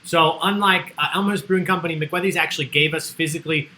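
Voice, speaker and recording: Bright-voiced chatty trivia host man. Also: a little high, fairly even intonation, fast, low-quality recording. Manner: chatty, joking, reads out answer lists. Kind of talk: casual livestream trivia hosting.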